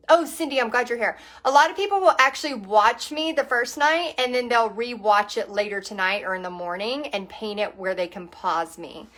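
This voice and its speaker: A high-pitched woman leads a casual live painting class. She is bubbly and chatty and reads viewer comments aloud between instructions. She is painting in a small home art space. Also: a bit bright.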